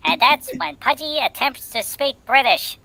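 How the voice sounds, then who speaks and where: A woman's voice: sits high, moderate pace, creaky. A woman co-hosting a casual comedy podcast, joking playfully and slipping into silly voices. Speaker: podcast co-host. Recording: noticeable background noise.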